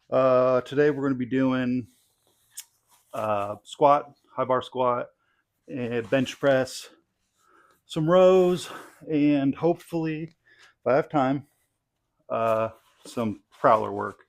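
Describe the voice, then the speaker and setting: A young man talking casually while training in his home garage gym, tired and a bit out of breath, rambling with lots of fillers. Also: mid-range voice. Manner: relaxed, rambling, many fillers. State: tired, out of breath between sets. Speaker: strength athlete vlogging his training. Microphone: clip-on mic.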